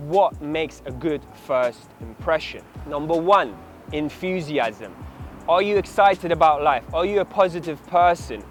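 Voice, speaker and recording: Brief: energetic male dating coach, slightly high voice, speaks outdoors in a city with faint music. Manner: animated, demonstrates approaches in acted voices. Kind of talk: direct-to-camera coaching talk.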